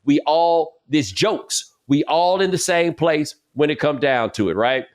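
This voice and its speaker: A man co-hosting a podcast, chatting casually and telling stories in an animated, playful way with plenty of slang. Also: fairly high pitch, unhurried. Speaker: podcast co-host. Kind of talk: casual sports and culture chat.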